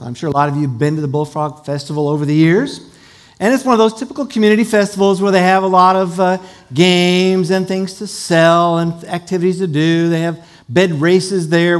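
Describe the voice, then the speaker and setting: High-voiced male pastor preaching. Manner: storytelling, leads call-and-response. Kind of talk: sermon.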